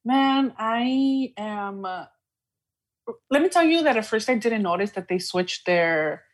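A woman co-hosting a podcast in casual chat, talking in an excited, emotional way and laughing often. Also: on the high side, slow. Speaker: podcast co-host.

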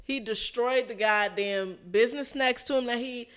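A woman's voice: fairly high pitch, moderate pace, a bit bright, clear, resonant tone. A woman in casual chat, animatedly retelling a wild story, swearing freely and calling her listener girl.

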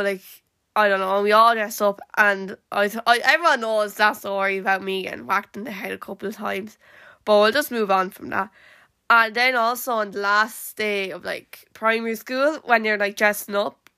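Bright-voiced chatty Irish woman. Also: medium pitch, dry recording, studio quality. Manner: rambling, full of "like" fillers and restarts. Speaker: podcast host. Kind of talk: casual live-stream podcast chat.

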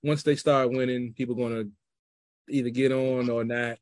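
A man's voice: medium pitch, flat delivery, normal speed, darkish tone, dry recording. A man talking as a guest in a casual chat, reflective and earnest, with loose, rambling phrasing. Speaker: podcast guest.

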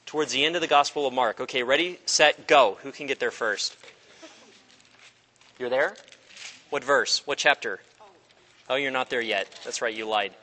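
A man teaching an informal Bible study class, animated and joking, acting out the people in the stories. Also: mid-range voice, normal speed, pauses often, big-room sound. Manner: animated, jokey, acts out voices of people in the story.

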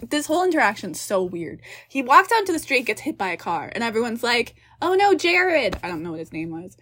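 A woman's voice: on the high side, fast. Exasperated young woman reviewing a film. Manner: exasperated, animated, swears casually. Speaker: podcast co-host. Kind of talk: casual film review chat.

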